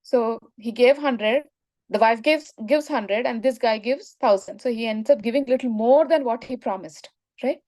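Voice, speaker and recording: A woman's voice: fairly high pitch, moderate pace, a little mellow. A woman telling a moral story in a spiritual lesson, often checking in with "right?". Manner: explanatory, frequent "right?" checks. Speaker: spiritual teacher.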